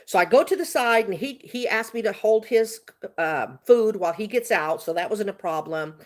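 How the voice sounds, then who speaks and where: A woman telling a story on a casual livestream, animated and chatty, laughing often. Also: mid-range voice, moderate pace. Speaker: vlogger.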